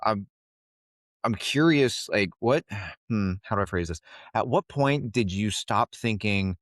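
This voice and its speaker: A very deep-voiced man from Ohio hosts a podcast conversation. He asks questions haltingly, pausing and rephrasing as he goes. The recording is dry and close. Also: animated, fairly bright tone, no room sound. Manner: halting, searches for how to phrase questions. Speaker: podcast host. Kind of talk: casual interview conversation.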